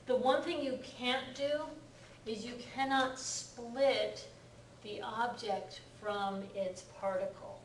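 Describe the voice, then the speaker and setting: Speaking slowly in a slightly high voice, a woman who teaches Japanese walks her class through grammar, patiently confirming understanding with lots of "right?" and "okay?". The echoey room is captured from afar, with slight background noise.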